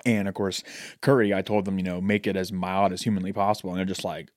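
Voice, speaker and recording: A man's voice: low voice, little pitch movement, fast, no room sound, studio quality. A man co-hosting a podcast in casual chat, joking and swearing freely through playful banter. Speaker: podcast co-host.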